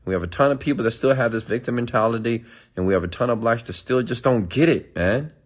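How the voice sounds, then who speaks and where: A man's voice: mid-range voice, fast. A man ranting emphatically on a live stream, answering chat comments and preaching to his followers with repeated "okay?"s.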